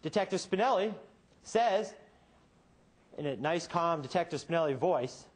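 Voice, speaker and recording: This defense attorney's male voice is fairly high-pitched and expressive as he makes his closing argument to a jury in a courtroom. He leans on rhetorical questions, dramatic pauses and sudden jumps from soft to emphatic.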